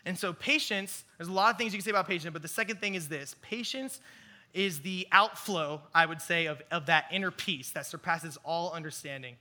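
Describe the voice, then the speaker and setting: A young man teaching a youth group, telling a lively personal story within a sermon, animated and self-mocking. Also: on the high side, fairly quick.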